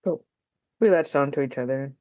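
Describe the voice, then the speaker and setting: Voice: mid-range voice, moderate pace, no echo, lo-fi sound. A writer chatting on a podcast, rambling and self-deprecating, full of likes and ums. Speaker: podcast guest, fellow writer. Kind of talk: casual podcast conversation.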